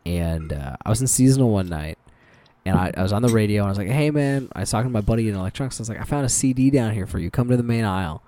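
A man's voice: on the low side, racing. A man co-hosting a podcast, telling work stories in a loose, swearing chat and acting out what people said. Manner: animated storytelling, swearing, quoting people. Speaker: podcast co-host. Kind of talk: casual chat.

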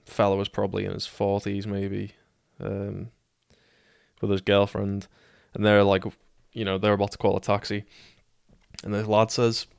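A British man in his twenties tells a story in a casual, swearing, self-mocking way. His voice sits a little low and comes through smooth and clear. The sound is close and dry, with no room around it. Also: monotone, normal speed, long pauses, no room sound. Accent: British English. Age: 20s. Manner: sweary and wry, self-deprecating.

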